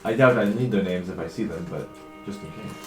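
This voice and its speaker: A man running a tabletop game as dungeon master, calmly describing scenes and townsfolk. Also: lowish voice, fairly quick. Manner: relaxed, describes scenes and voices townsfolk in quotes. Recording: roomy sound with background music.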